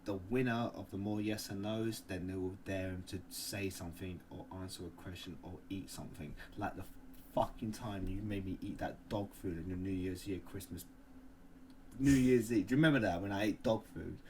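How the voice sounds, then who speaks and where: A man's voice: low-pitched, normal speed, background noise. Boisterous man, swearing banter. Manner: boisterous, swearing, laughs often. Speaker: podcast co-host. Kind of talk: casual banter podcast.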